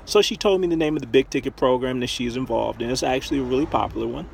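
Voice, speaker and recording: A man's voice: mid-range voice, quick pace, vocal fry, a little hiss or hum. Chatty man telling a story. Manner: chatty, retells conversations with many fillers. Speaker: online marketing vlogger. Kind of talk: casual storytelling to camera.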